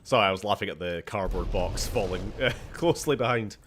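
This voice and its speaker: A man's voice: fairly low pitch, fairly quick, a bit bright, soft background music. A man with a Scottish accent giving casual, rambling let's-play commentary, laughing often and talking to the characters on screen. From Scotland. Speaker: gaming channel host.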